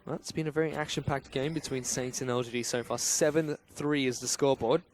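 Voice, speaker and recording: A man giving rapid, excitable play-by-play commentary on an esports match. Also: medium pitch, a little hiss or hum. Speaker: esports caster.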